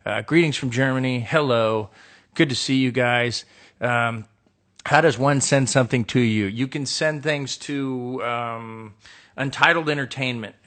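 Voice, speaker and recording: A middle-aged man from the United States speaks in a mid-range, slightly bright voice at a measured pace. Alone on a phone live stream, he reads fan questions aloud and riffs on them with dry, sarcastic humor. It's a casual solo chat recorded in an indoor room with a window.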